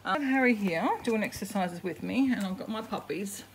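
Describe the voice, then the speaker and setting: A woman's voice: medium pitch, expressive, moderate pace, a little hiss or hum. An Australian woman in her forties, chatting casually in a home vlog, rambling and laughing as she talks to her dogs. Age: 40s. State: out of breath from exercising. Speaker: vlogger.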